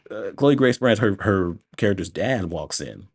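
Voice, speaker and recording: A young man with a notably deep, low voice talks through a movie review in a loose, rambling way. He keeps breaking into laughs and sounds exasperated at what he describes. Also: animated, a little slow, slightly rough. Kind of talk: casual spoken movie review.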